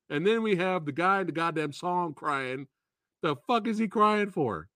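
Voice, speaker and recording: A man rambles through a casual movie review, his pitch jumping all over the place as he repeats himself, swears freely and laughs along the way. The sound is dry and close, with no room around it. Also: moderate pace, no echo. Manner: animated, profane and repetitive, laughing often. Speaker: movie review show host.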